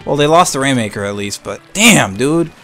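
A young man giving live gameplay commentary, excitable and swinging between hype and frustrated ranting. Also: medium pitch, moderate pace, soft background music. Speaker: gaming channel host.

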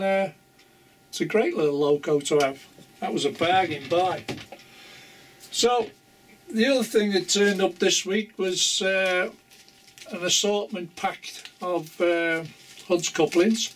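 A man's voice: sits high, takes it slowly, distant mic, slight background noise. An older man chatting casually to camera about his model railway, rambling and chuckling often.

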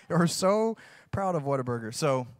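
Pastor guy in his 30s, higher voice, dry close sound, folksy jokey sermon that builds up. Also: no echo. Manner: folksy, joking storyteller who preaches with rising fervor.

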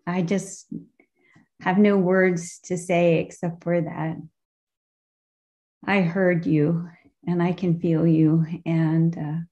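A woman sharing a heartfelt personal memory at a memorial gathering, pausing often to search for her words, heard over a video call. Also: on the low side, flat delivery, dark tone.

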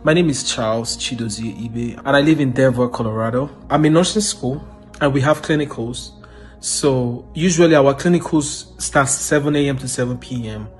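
A man's voice: medium pitch, moderate pace, soft background music. Earnest man giving a testimony. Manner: earnest, emotional, bursts of loud praise. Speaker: testimony giver. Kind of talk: spoken testimony.

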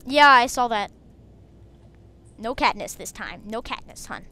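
A woman hosting a game video, chatting casually and breaking into excited shrieks. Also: on the high side, measured pace, a little hiss or hum. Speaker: gaming video host. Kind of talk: casual gameplay commentary.

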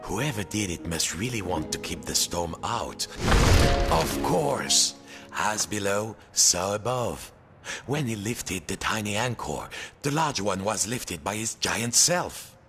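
Deep-voiced man narrating a storybook tale. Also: animated, unhurried, bright, forceful tone. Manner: playful, theatrical storyteller with French exclamations. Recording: game audio with music behind.

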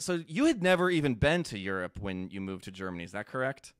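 A man hosting a casual interview, an animated storyteller who laughs often. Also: fairly low pitch, quick pace, smooth, dry recording, clean studio sound. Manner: animated storyteller, laughs often, mimics himself speaking German. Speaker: podcast host interviewing guests.

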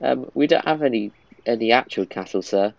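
A man reading the lines of a squeaky-voiced teenage shop clerk from a mobile game, in his own voice. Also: animated, brisk, vocal fry, no echo, highs cut off. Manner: plain read-aloud delivery.

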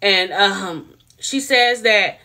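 A woman's voice: medium pitch, drawn-out words, pushed and bright. A woman reviewing a TV show in a casual, blunt and opinionated way, talking straight to her viewers. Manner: chatty, addresses viewers directly.

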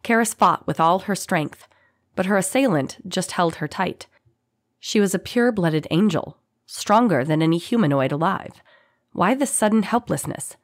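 A woman reads a fantasy audiobook aloud. Her voice sits low, and her reading is dramatic and expressive. The sound is dry and close. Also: moderate pace, no room sound. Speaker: audiobook narrator. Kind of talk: scripted fantasy narration.

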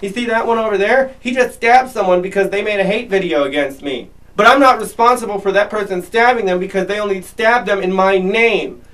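A man's voice: high voice, brisk, few pauses, a bit bright, far from the mic, poor audio. A man sarcastically imitating a dismissive male online personality in a mocking, whiny tone, recorded a little away from the mic.

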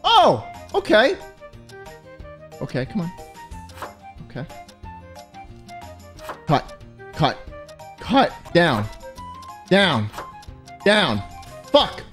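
A young man streaming a motion-control cooking game, giving sarcastic comedic commentary and breaking into shouts and laughter. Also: on the high side, big pitch swings, extremely slow, long pauses, faint music behind. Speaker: gaming streamer.

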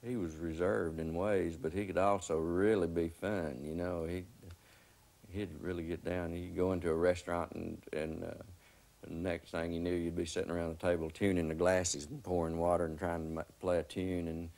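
A man in his fifties speaks slowly and thoughtfully in an interview. His voice sits very low. He tells his memories in a measured, unhurried way. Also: flat delivery, darkish tone. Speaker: interviewee recalling an old friend. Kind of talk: reflective interview.

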